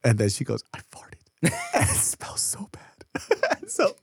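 A man co-hosting a podcast, chatting casually and telling animated, profane stories. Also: mid-range voice, slow, vocal fry, husky. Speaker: podcast co-host. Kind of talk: casual chat.

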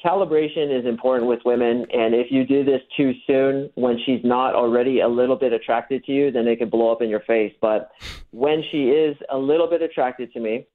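A man's voice: mid-range voice, fairly even intonation, a little fast. A man, a dating coach, explaining his methods in a radio interview, acting out the lines he uses. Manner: explains techniques, acts out quoted lines. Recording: thin phone-line sound.

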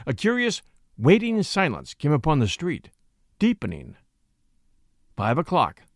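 An expressive male narrator reading a suspense story, his pitch swinging widely from phrase to phrase. The voice is slightly high for a man and the recording is dry and close. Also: unhurried, no echo. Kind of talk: audiobook reading.

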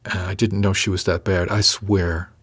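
A man voicing a gruff, quiet middle-aged male ship's steward. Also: low voice, level tone, measured pace, exaggerated voice.

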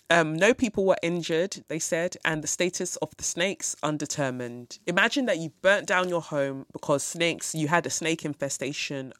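Podcast host ranting, swears a lot, fed up, middle pitch, dead dry mic. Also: a bit bright, no echo. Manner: blunt, profane, exasperated. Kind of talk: ranting commentary.

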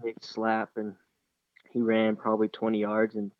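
A man's voice: on the low side, monotone, moderate pace, no echo, phone-quality sound. A young man casually retelling a hunting story, rambling and acting out the dialogue. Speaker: hunter telling a story.

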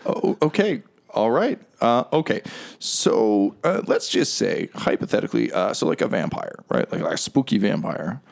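A man's voice: fairly low pitch, huge pitch swings, normal speed, creaky, exaggerated voice. A man voicing a whiny, cowardly captive who blubbers, stammers and pleads in a tabletop game. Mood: nervous. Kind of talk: tabletop role-play.

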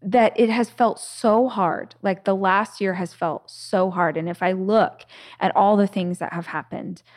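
A woman's voice: mid-range voice, fairly even intonation, a little slow. A woman hosting a podcast, talking in a reflective, conversational way and telling stories, with plenty of filler words. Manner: reflective, storytelling, many "like" fillers. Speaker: podcast host.

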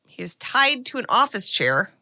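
A woman's voice: on the high side, big pitch swings, normal speed, sharp tone, dry recording, studio quality. A woman co-hosting a podcast, retelling a movie plot in casual, chatty talk full of "like" and the odd swear word. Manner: chatty, frequent "like", swears freely. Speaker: podcast co-host. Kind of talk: casual film recap chat.

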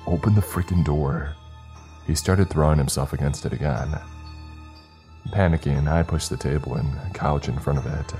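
Deep dark-voiced man narrating horror. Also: steady tone, normal speed. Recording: faint music underneath.

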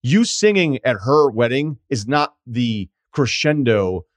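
A man's voice: mid-range voice, expressive, a little slow, no echo. A man in his forties hosting a podcast, giving casual advice in a blunt, emphatic way with many asides. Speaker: podcast host.

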